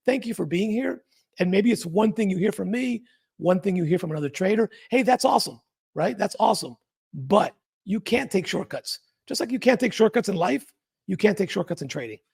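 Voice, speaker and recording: A man's voice: on the high side, vocal fry, breathy edge. A man hosting a trading channel, talking through chart analysis in a casual, emphatic way with frequent rhetorical questions. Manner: animated, emphatic, often asks rhetorical questions. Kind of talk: casual market analysis talk.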